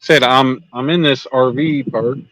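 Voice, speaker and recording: A man's voice: medium pitch, fairly even intonation, a little slow, fairly bright tone, no room sound, low-quality recording. A man hosting a casual fishing live stream, talking in a laid-back, blunt, joking way while driving and holding his phone. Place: in a vehicle, driving. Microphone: handheld phone.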